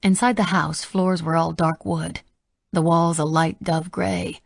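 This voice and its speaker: Female audiobook narrator, deep raspy tone, sardonic first-person read. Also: level tone, unhurried, no echo, studio quality.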